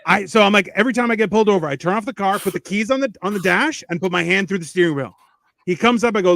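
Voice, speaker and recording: A man in casual podcast banter, telling animated stories and acting out the dialogue. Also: sits high, quick pace, no echo. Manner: animated storytelling, acts out dialogue. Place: small studio.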